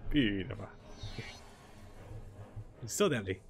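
A man's voice: lowish voice, lively intonation, slow pace, faint music behind. A man streaming a strategy game, thinking his moves aloud, greeting viewers and chuckling often. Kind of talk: live gameplay commentary.

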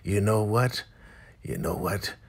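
A man's voice: fairly low pitch, takes it slowly. A man voicing a scheming, lustful woman who is a cult elder, with a bossy, drawling delivery. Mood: sly.

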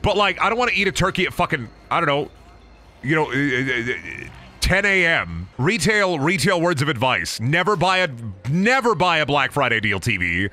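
Young Midwestern man, casual game streamer, profane and jokey; bright tone, very animated pitch. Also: brisk. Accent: Midwestern American. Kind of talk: casual gaming commentary.

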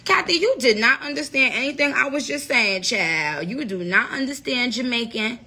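A woman's voice: on the high side, lively intonation, moderate pace, bright, forceful tone, slightly rough. A woman hosting a casual livestream, talking playfully with viewers and calling them by name. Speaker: livestream host.

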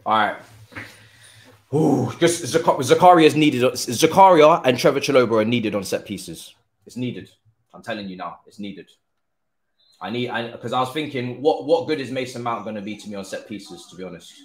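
A young man giving live commentary on his own football video game match, excitable, pleading and swearing often. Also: medium pitch, normal speed. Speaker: gaming streamer. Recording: roomy echo.

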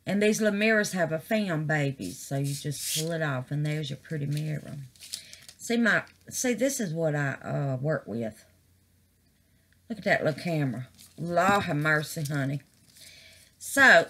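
A woman, chatting casually to camera as a crafting vlogger, excited and full of exclamations, calling her viewers "babies". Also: on the low side, unhurried.

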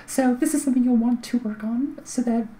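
A woman with a slightly high, mellow voice explains things in a casual, chatty vlog. Her voice is light and carries little volume. She pauses often on fillers and restarts her sentences as she thinks aloud. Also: poor audio. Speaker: vlogger giving voice tips.

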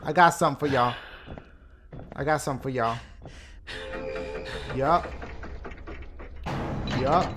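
A man doing loud, profane let's play commentary, jumping to shouts when scared. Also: medium pitch, takes it slowly, pauses often, loud music behind the voice. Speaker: gaming video host.

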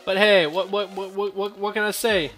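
A man's voice: high-pitched, fairly even intonation, moderate pace, fairly bright tone, soft background music. A young man giving casual, joking gameplay commentary, full of profane trash talk and rambling asides.

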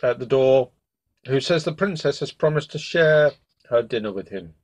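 A man's voice: mid-range voice, expressive, normal speed, a little mellow, lightly acted. A man reading a storybook aloud and voicing a polite palace courtier announcing news to the king. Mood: formal.

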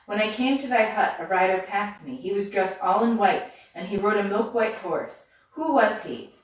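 A woman's voice: mid-range voice, moderate pace, natural voice. Lady reading as a shy polite young girl from a fairy tale, careful old-timey words, echoey room, far mic. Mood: timid. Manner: careful, quiet, archaic speech. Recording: roomy, distant mic.

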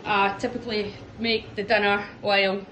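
A woman's voice: medium pitch, little pitch movement, moderate pace, a bit bright, a little hiss or hum. A young Scottish woman, a footballer, chatting casually to her phone camera and joking at her own expense. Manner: chatty, self-mocking, upbeat; whispering early in the morning. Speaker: professional footballer vlogging her day. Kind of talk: casual vlog. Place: home and training ground, indoors.

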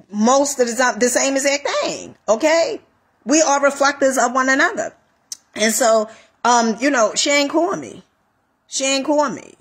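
A woman life coach giving a casual motivational talk, animated, repeating phrases and calling listeners honey. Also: medium pitch.

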